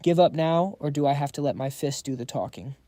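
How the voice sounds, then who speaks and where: Cold tough brawler narrator voicing, flat threat. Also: male voice, on the high side, a little fast, no echo, clean studio sound, natural voice. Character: cold tough male fighter.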